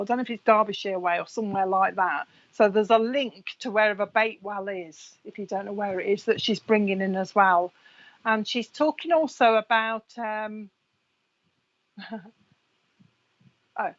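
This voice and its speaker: A woman's voice: mid-range voice, moderate pace, highs cut off. A woman who works as a psychic medium, giving a live reading. She chats away, passes on messages to viewers by name and laughs often.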